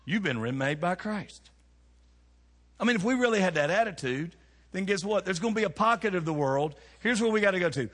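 A middle-aged man preaching a folksy, animated sermon, firing rhetorical questions at his congregation. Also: sits high, brisk. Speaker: pastor. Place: church sanctuary. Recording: long reverb of a church hall.

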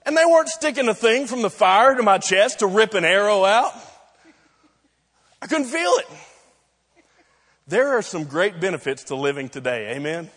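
Male pastor, sermon, high voice, storytelling, long hall reverb. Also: lively intonation, a little fast, hardly any pauses, fairly bright tone, slightly rough. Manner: storytelling, acts out voices in quotes.

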